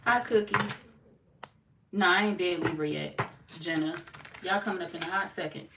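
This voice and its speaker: This Missouri tarot reader talks loosely to her livestream chat as she reads through viewer comments, her voice lowish and at a normal speed. She's blunt and joking, swearing freely and laughing often. She sits back from the mic in an echoey room, with clear noise beneath her voice.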